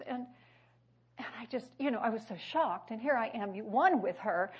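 A woman delivers a sermon in a husky, breathy voice pitched a little high. She swings between strong, ringing declarations and soft, near-whispered moments as she tells personal stories. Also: lively intonation, normal speed. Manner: emphatic, swings between loud declarations and hushed quoted speech. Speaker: preacher.

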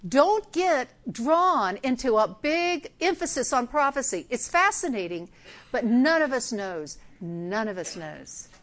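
A woman's voice: high voice, sing-song, a little slow, fairly bright tone. An older woman giving a conversational sermon, acting out Bible scenes with humor. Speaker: preacher.

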